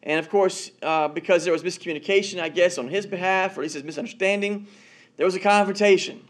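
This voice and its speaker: A man's voice: high voice, quick pace. A man, a married father, giving a conversational sermon as pastor, telling stories and often repeating words as he goes. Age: adult, married father.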